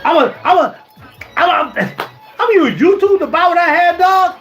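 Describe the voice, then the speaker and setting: Heated youtuber guy, 50s, high voice, keeps repeating himself, quiet music in the back. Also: lively intonation, moderate pace, dull audio. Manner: indignant, repeats himself, rhetorical questions. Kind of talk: heated live-stream rant. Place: home music studio.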